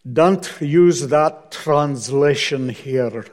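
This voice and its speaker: A man's voice: on the high side, drawn-out words. A man putting on a dry Scottish minister. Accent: Scottish, put on. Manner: blunt, clipped, deadpan. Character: stern older Scottish male minister, dry.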